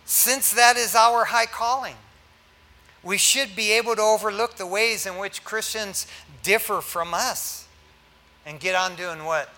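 An older man, a pastor, preaching a sermon in a lively, joking way to his congregation. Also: high-pitched, a little slow.

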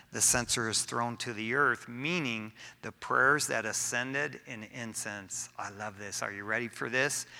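A man preaching a sermon to his church in a casual, animated way, often tossing in "man". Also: mid-range voice, gravelly. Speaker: pastor.

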